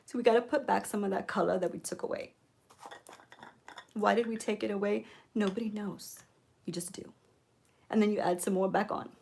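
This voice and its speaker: A woman giving a mock makeup tutorial, coaxing viewers with deadpan ironic influencer patter and frequent "okay?"s. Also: medium pitch, creaky, a little hiss or hum. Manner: coaxing, keeps repeating "okay?". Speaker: beauty vlogger.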